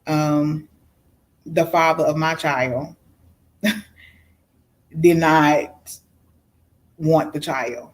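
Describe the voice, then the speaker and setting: Podcast host, young adult woman, lowish voice, candid and conversational personal storytelling. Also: fairly even intonation, very slow, pauses often. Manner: candid, conversational, with frequent fillers.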